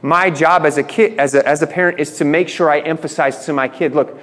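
A man's voice: fairly high pitch, fairly even intonation, a little fast, a bit bright. A man preaching a conversational Bible sermon as a pastor, enthusiastic and often restarting his phrases. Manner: enthusiastic, repeats words as he restarts. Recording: long reverb.

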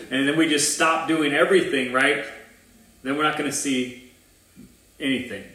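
A man's voice: a little high, fairly even intonation, moderate pace, long pauses, sharp tone. A man preaching a sermon as pastor of a new church, earnest and informal, with restarts and asides. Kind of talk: conversational livestream sermon. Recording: roomy echo.

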